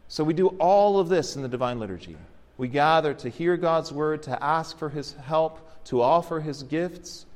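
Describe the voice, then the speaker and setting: Orthodox priest teaching in a reverberant church. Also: male voice, on the high side, moderate pace. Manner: explanatory, gently encouraging. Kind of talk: teaching sermon during liturgy.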